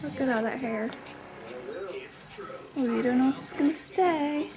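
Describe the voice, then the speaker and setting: A woman filming her newborn at home on a handheld camcorder, talking to him in soft cooing baby talk. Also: high voice, a little slow, poor audio. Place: living room at home.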